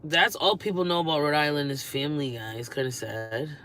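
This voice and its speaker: A man's voice: fairly high pitch, fairly quick, sharp tone, slight background noise. A young adult man chatting casually to camera, rambling and thinking aloud as he lists things. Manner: rambling, thinking aloud while listing places. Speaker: vlogger. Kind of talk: casual vlog chat.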